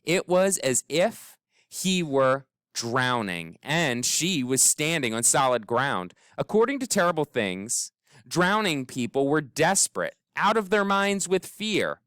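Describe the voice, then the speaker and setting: Give me a lively, expressive male audiobook narrator. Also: a little high, takes it slowly, clean tone, dry recording, clean studio sound. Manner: expressive, wry storytelling. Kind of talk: scripted narration.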